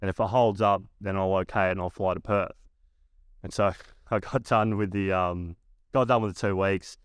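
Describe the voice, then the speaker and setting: A man's voice: deep voice, steady tone, moderate pace, clear, resonant tone, dry recording. A man in his thirties with an Australian accent, a podcast guest telling a long story casually, swearing freely and padding his lines with fillers. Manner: laid-back, heavy swearing, lots of "like" fillers. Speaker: podcast guest, former pro basketballer.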